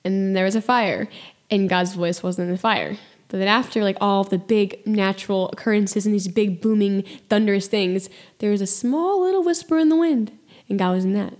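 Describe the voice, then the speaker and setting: Speaking at normal speed in a level tone, a female podcast host reflects on faith alone, earnest and gentle. Her voice is mid-range for a woman, with frequent fillers like "like" and "you know."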